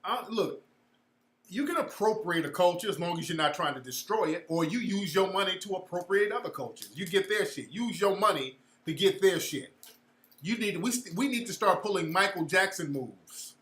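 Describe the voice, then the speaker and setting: A man's voice: high voice, animated, moderate pace, fairly bright tone. Blunt, profane man in an echoey room. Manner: blunt, profane, preachy street talk. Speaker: livestream host. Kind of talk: casual livestream rant.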